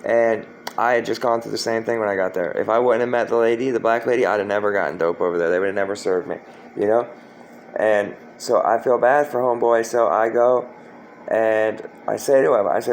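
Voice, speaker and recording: A man's voice: on the low side, a little fast, slight background noise, low-quality recording. Rambling profane man from Florida. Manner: rambling, profane, frequent fillers and restarts. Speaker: storyteller recounting his past. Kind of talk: casual spoken storytelling.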